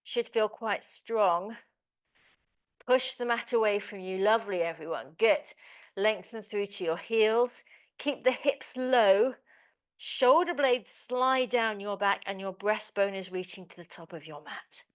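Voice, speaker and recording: A woman's voice: medium pitch, a little slow. A woman teaching a live online pilates class, cueing moves with chirpy encouragement and chatty asides. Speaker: pilates instructor.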